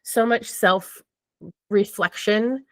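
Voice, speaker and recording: A woman's voice: mid-range voice, slow, no room sound. A woman talking candidly and casually as a podcast guest, swearing freely and acting out her own thoughts. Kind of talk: casual conversation.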